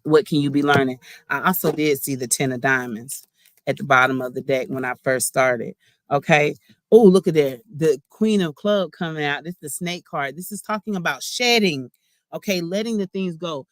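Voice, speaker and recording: A woman's voice: low voice, normal speed, no room sound. A woman giving a casual spiritual card reading, chatty and slangy, talking straight to her viewers. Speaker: spiritual reader.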